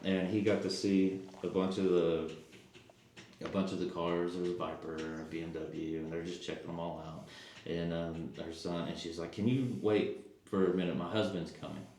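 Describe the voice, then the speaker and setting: A man's voice: deep voice, moderate pace, a little hiss or hum. A man from Texas, a podcast guest telling stories casually and acting out quotes. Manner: animated, acts out quotes, stumbles and restarts. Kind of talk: casual storytelling. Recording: very echoey room.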